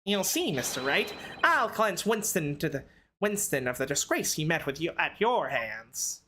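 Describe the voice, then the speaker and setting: A woman voicing a pompous, condescending male prosecutor with a slow, drawn-out delivery. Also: low voice, sing-song, fairly bright tone, a little hiss or hum. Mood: smug. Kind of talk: reading game dialogue aloud.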